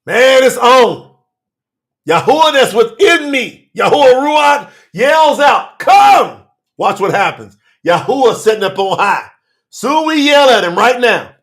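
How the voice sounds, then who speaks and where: High-voiced, fervent, shouting preacher. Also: male voice, big pitch swings, measured pace. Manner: fervent, breaking into shouts and laughs; casual colloquial talk to viewers. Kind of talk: live-streamed sermon reading scripture.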